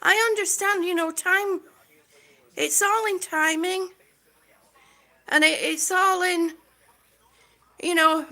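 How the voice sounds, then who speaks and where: A woman livestreaming from home as she walks, greeting viewers warmly by name and slightly out of breath, talking into a phone on a gimbal. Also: very high voice. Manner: warm, greets viewers by name, calls them sweetie. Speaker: vlogger on a livestream. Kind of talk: chatty live stream while walking. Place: indoors at home. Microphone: phone on a gimbal held while walking.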